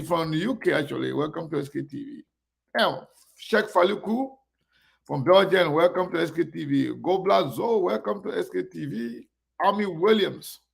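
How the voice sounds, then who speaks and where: Gravelly host greeting viewers. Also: male voice, fairly high pitch. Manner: warmly greets viewers by name, one after another. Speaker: online show host. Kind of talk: casual live-stream chat.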